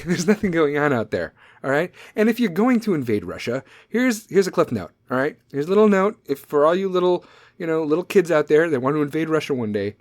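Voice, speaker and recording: A man's voice: fairly high pitch, dry recording. Profane sarcastic man riffing. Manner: sarcastic, profane, laughs at own jokes. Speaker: podcast host. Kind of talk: casual profane history riff.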